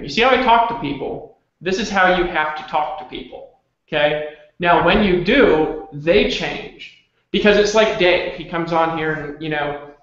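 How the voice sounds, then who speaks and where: A man with a fairly high voice hosts an online team meeting and drives a hard motivational pitch. He hammers on commitment in short, repeated bursts. The sound is very echoey and dull, like a cheap webcam mic in a bare room. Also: a bit bright. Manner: pushy, repetitive, rapid-fire exhortations. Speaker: team leader hosting an online hangout. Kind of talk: motivational pitch on a video call.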